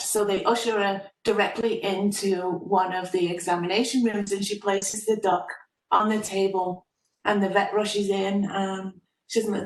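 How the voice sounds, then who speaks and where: A woman telling a joke at a club meeting over a video call, chatty and hesitant with fillers. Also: mid-range voice. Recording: roomy, distant from the mic.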